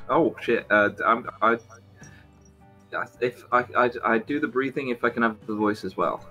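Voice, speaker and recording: A man's voice: mid-range voice, normal speed, sharp tone, soft background music. A man on a casual online chat panel, blunt and swearing, often restarting his sentences. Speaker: panel guest.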